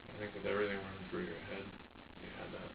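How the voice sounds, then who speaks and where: A male police detective questioning a suspect in a calm, quiet way. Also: sits low, very fast, gravelly. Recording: distant, echoey, muffled and noisy.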